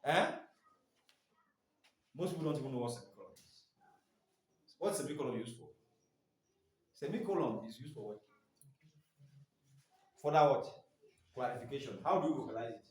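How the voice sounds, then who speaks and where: A man's voice: mid-range voice, expressive, normal speed, long pauses. A man teaching staff in a training session, leaving his sentences open for the class to finish. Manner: quizzing listeners with fill-in questions. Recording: echoey room.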